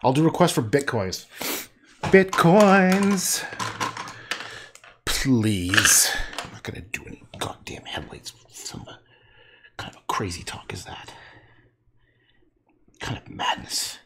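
A man's voice: medium pitch, very animated, normal speed, pauses often, in a whisper. A man casually talking through his painting on a livestream, mocking his own work, swearing and muttering half to himself. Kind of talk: casual running commentary while painting.

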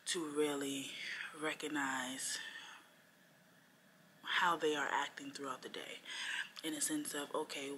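A young woman chats on camera about her week as a first-year teacher. Her voice sits low yet has a bright, forceful edge. She thinks aloud as she goes, drifting between points with frequent fillers. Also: a little hiss or hum. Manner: reflective, rambling with frequent fillers. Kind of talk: casual vlog chat.

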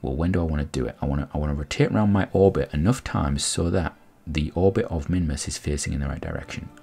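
A man's voice: extremely low pitch, fast, vocal fry, dark tone, slightly rough, soft background music. A man giving casual, rambling commentary on a space game, explaining each step as he goes. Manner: rambling, explanatory, frequent restarts. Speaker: gameplay commentator.

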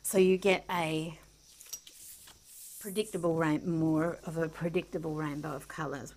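A woman artist chatting casually to camera as she draws and shows her art supplies, excitable and talking to herself, sometimes dropping to a soft whisper. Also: sits low, measured pace, pauses often. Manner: chatty, excitable, talks to herself while drawing. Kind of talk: casual art tutorial chat.

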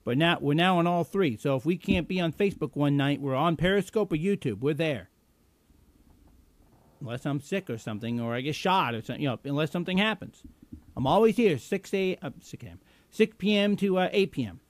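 A man's voice: on the high side, expressive, a little fast, dry recording. A man hosting a live political internet show, ranting with sarcastic, combative indignation and plenty of fillers. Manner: many fillers and restarts. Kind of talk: political commentary rant.

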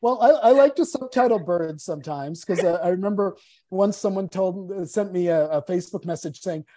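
Woman on a panel, warm dark voice, dry sound, playful and animated. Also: on the low side, normal speed, no echo. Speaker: panel guest. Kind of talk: live panel conversation.

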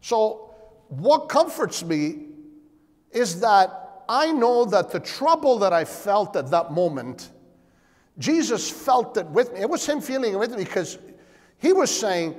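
A man preaching a sermon as pastor, asking rhetorical questions and calling for amens. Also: normal speed. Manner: animated, shifting pitch and volume. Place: church sanctuary. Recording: long hall reverb.

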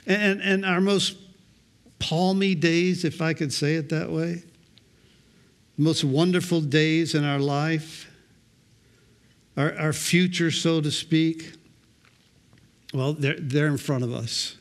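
Pastor, male, middle-aged; sermon storytelling, dry humor, voice a bit high. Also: fairly even intonation, takes it slowly, long pauses.

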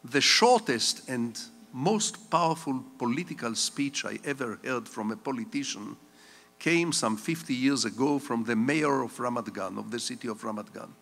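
A man's voice: mid-range voice, expressive, moderate pace, a bit bright. An older man giving a public lecture as a guest speaker, a digressive storyteller with wry humor. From Israel. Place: stage of a large conference hall. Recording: long reverb of a lecture hall.

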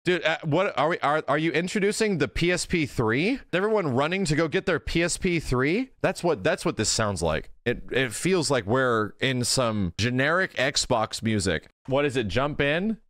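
A man's voice: a little high, expressive, moderate pace, hardly any pauses, a bit bright, no room sound, clean studio sound. A man hosting a casual gaming reaction video, talking loosely and breaking into exasperated, ranting outbursts.

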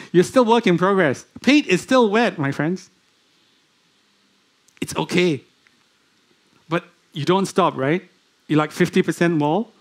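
Male guest preacher, higher-pitched voice, chatty sermon full of questions to the congregation. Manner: conversational, asks the congregation many questions. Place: church.

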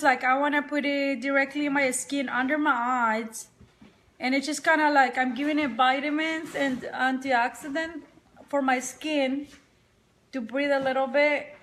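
Indoors at home, a tired makeup vlogger rambles on a casual live stream, addressing both her viewers and her dog. Her high voice sounds a bit bright, with slight background noise on the phone or webcam mic.

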